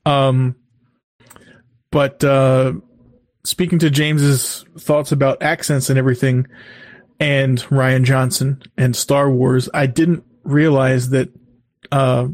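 A man co-hosting a podcast, chatting casually about movies in a measured, informative way. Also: medium pitch, little pitch movement, no room sound, studio quality. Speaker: podcast co-host.

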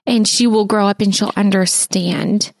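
A woman in her thirties with a mid-range voice co-hosts a podcast in a close, dry recording. She talks in an encouraging, reassuring way and keeps the chat relaxed. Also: medium pitch, a little slow, no room sound. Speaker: podcast co-host. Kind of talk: casual chat.

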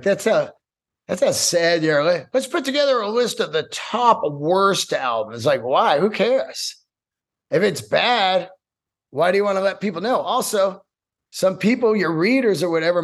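Guy with a higher voice rambling on his podcast, swears a lot, all over the place. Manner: profane, rambling, animated. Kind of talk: casual monologue.

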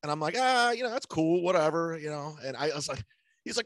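A man with a slightly high voice chats on a comedy podcast, blunt and profane. He slips into mocking impressions of people as he tells his stories. The sound is dry and close, with no room around it. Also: animated, fast, fairly bright tone, no room sound. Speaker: podcast host. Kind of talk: casual comedy podcast chat.

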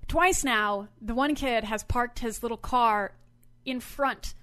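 A woman co-hosting a podcast, telling a story in a casual, animated and emphatic way. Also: on the high side, takes it slowly. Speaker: podcast co-host. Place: lives in Houston area.

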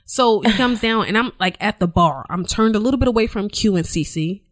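A woman co-hosting a podcast, telling a story in casual chat, animated and profane, acting out quotes. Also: mid-range voice, a little fast, dry recording. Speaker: podcast co-host.

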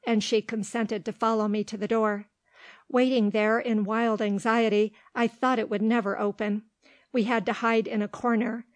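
A woman narrating a storybook in a steady, measured reading voice. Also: a little high, dry recording. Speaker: audiobook reader.

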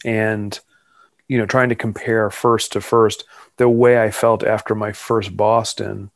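A man with a low, gravelly voice chats casually and pokes fun at himself. He often restarts his sentences. The sound is dry and close. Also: level tone, measured pace, dry recording. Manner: chatty, self-deprecating, many restarts. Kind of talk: casual chat.

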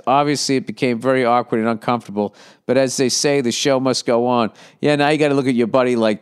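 A man's voice: mid-range voice, quick pace, smooth. A man hosting a podcast, reading listener letters and giving blunt, profane, rambling advice with mock exasperation. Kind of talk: casual profane advice rant.

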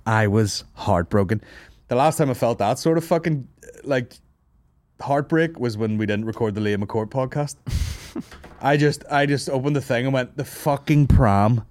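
A man's voice: medium pitch, normal speed, darkish tone, dry recording. A Northern Irish man in his thirties hosting a comedy podcast, telling a long, sweary story and laughing his way through it. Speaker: podcast host. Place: studio office.

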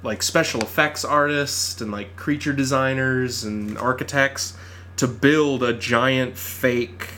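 A man's voice: mid-range voice, takes it slowly. A man co-hosting a casual podcast, talking about films with enthusiasm. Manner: enthusiastic, animated film talk. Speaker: podcast co-host. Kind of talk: casual chat.

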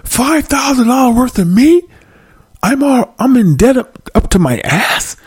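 A man voicing an enraged middle-aged father who yells and curses at his family in a high, strained voice. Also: big pitch swings, a little slow, slightly rough, heavily acted. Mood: furious. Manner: shouting, cursing, high strained yell.

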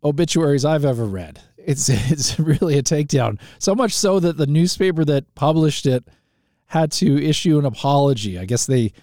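A man's voice: a little high, animated, normal speed, dark tone, no echo, studio quality. A man from Canada hosting a live call-in talk show, chatting casually with rambling asides, fillers and restarts.

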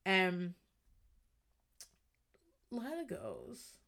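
A woman hosting a podcast, telling a reality show recap in a casual, animated way, acting out quotes and swearing freely. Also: fairly low pitch, extremely slow, vocal fry. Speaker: podcast host.

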